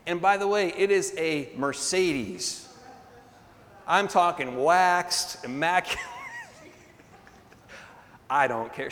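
A man preaching a sermon, telling a story with animated energy, laughing often and calling for responses from the congregation. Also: medium pitch. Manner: laughs often between phrases. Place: church hall. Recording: long hall reverb.

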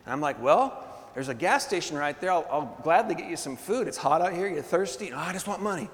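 A man preaching a sermon, telling a story with animated energy, laughing often and calling for responses from the congregation. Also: on the high side, brisk. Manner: laughs often between phrases. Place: church hall. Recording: long hall reverb.

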